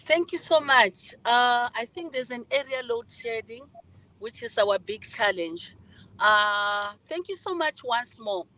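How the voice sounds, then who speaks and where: A woman's voice: a little high, fairly bright tone, poor audio. A woman from South Africa speaking earnestly on an online panel over a video call.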